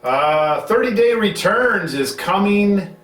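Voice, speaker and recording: A man's voice: sits high, lively intonation, takes it slowly, a bit bright. A middle-aged man hosting a casual home-recorded chat, rambling and teasing, often restarting his sentences. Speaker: show host. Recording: roomy sound, mic at a distance.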